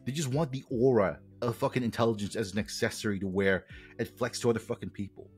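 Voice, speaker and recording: A man's voice: lowish voice, fast talker, darkish tone, faint music behind. A man co-hosting a podcast in casual chat, ranting heatedly with lots of swearing. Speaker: podcast co-host.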